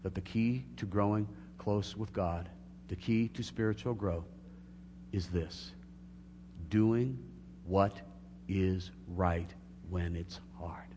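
A man's voice: sits low, slow, pauses often. A middle-aged man preaching a sermon as a pastor, earnest and building to emphatic peaks. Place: church sanctuary. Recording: long hall reverb, faint hum.

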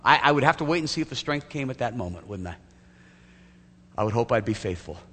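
Preaching in a church sanctuary, a pastor tells a story vividly and acts out its scenes. He talks fast with lively intonation and a fairly bright mid-range voice, recorded in an echoey hall with a faint hum.

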